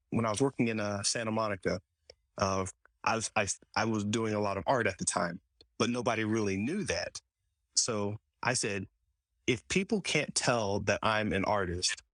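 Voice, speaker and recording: A man hosting a podcast, telling a personal story in a relaxed conversational way, often restarting and quoting himself. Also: fairly low pitch, no room sound. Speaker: podcast host. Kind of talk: casual conversation.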